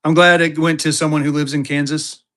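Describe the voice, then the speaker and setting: As bids land, a live online auction seller works through rapid, repetitive sales patter and gets visibly excitable. Once the bidding heats up, the voice leaps to a high pitch.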